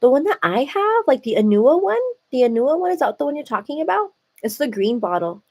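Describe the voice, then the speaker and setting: A woman with a fairly high voice chats casually on her home live stream. She tells her story in an animated way, with lots of "like" and "you know" as she goes. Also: brisk. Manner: chatty, animated, heavy use of "like". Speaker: livestream host. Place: at home, seated.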